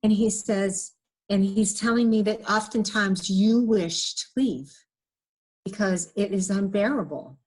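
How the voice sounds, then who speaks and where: Woman medium, earnest and gentle, mid-pitched, relays messages. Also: unhurried, slightly rough. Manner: earnest, gentle, relays words with many "he says". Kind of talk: casual chat, relaying messages.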